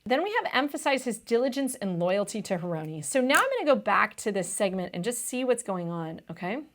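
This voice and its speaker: A woman's voice: medium pitch, lively intonation, fairly quick. A young woman tutor explaining test questions in a chatty, casual way, often saying "vibe" and "like".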